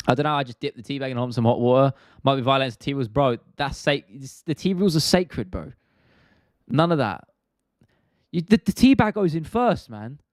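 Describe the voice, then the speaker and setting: Brief: casual young British live streamer, slangy, dry close mic. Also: male voice, medium pitch, lively intonation, normal speed, long pauses, no echo. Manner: laid-back, rambling, slangy. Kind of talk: casual live stream chat reading viewer questions.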